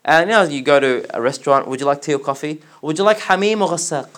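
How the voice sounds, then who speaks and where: A man teaching a religious class, explaining word by word and asking his students questions, with quick recited verses. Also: on the high side, a bit bright. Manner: recites verses in rapid chant.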